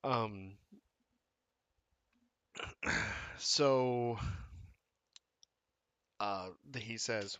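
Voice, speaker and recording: A man's voice: lowish voice, fairly even intonation, measured pace, fairly bright tone, no echo. A man narrating a tabletop role-playing game as game master, in a hesitant way with many fillers.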